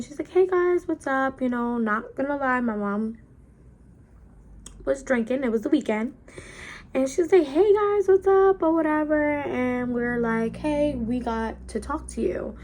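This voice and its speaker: A young woman talks straight to her camera in a loose, chatty storytime, jumping into animated voices for each person she quotes. Her voice sits a little high. There is a faint hiss of noise behind her. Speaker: vlogger. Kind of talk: casual storytime chat. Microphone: camera mic while doing makeup.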